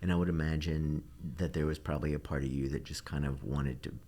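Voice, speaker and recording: A man interviewing an artist, asking slow, tentative questions full of hedges. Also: extremely low pitch, steady tone, mellow. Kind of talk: casual interview.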